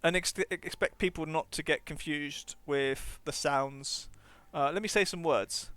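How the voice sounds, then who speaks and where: A man streaming a game, talking to his viewers in a loose, wry ramble. His voice sits a little high and comes through smooth and resonant. The sound is close and dry, with no room echo. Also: measured pace, fairly bright tone. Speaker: game streamer and English teacher. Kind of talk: casual chat while streaming a game.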